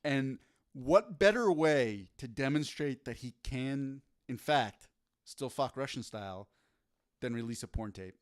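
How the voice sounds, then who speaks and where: A man co-hosting a comedy podcast, talking in rambling, halting bursts with crude humor. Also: mid-range voice, expressive. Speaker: podcast co-host. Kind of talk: casual comedic chat.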